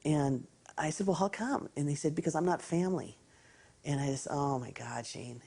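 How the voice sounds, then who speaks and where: A middle-aged woman with a warm, dark voice recounts a crisis. Her speech is quick and emotional. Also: low-pitched, vocal fry, slightly rough. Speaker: interviewee, mother. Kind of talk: documentary interview.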